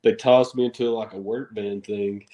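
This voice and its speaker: A man, a wrestler guest on a podcast, telling stories in an animated way, acting out quotes and laughing often. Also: lowish voice, normal speed, low-quality recording. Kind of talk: casual storytelling interview.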